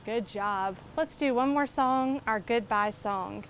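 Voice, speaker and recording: A woman librarian leads a children's storytime in a high, unhurried voice. She speaks clearly and encouragingly, guiding the children through movement. A faint outdoor garden ambience sits behind her. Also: a little hiss or hum.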